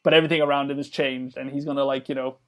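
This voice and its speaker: Racing along in a level, mid-range voice with a fairly bright tone, a man chats casually as a podcast guest. He's a game developer describing his project, wandering off with plenty of filler words and restarted sentences.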